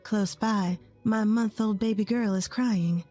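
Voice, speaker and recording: A woman's voice: medium pitch, steady tone, slow pace, few pauses, warm tone. Twenties woman telling her own story, earnest and confiding, mid voice, faint music behind. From rural Texas, USA. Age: 20s. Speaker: narrator. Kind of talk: first-person story narration.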